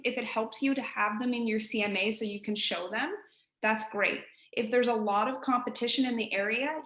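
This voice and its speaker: A woman's voice: mid-range voice, fairly bright tone, reverberant. Chatty East Coast Canadian woman teaching. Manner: chatty, direct, addresses listeners as guys. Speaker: real estate agent teaching colleagues. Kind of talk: casual software tutorial.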